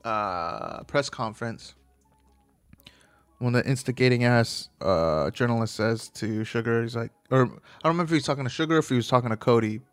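A man's voice: mid-range voice, a little fast, smooth. A man talking casually as a host, rambling and swearing, often stopping to correct himself. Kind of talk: casual chat about fights.

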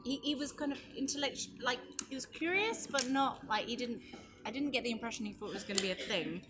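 A woman interviewing a guest over lunch in a restaurant, asking halting questions with many fillers. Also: on the high side. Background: background music.

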